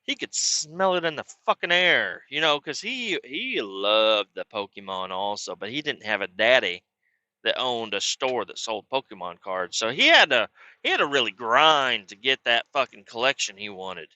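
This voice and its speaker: Bright, crude-talking male storyteller. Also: medium pitch, normal speed, no echo, highs cut off. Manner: crude, rambling, animated swearing. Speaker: podcast host. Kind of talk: profane comedic storytelling.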